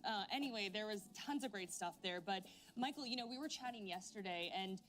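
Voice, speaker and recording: A woman's voice: mid-range voice, expressive, fairly quick, a bit bright. Bubbly lady hosting a game stream panel, faint music behind her. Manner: bubbly, giggly, playful. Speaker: show host. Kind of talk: casual panel chat on a livestream.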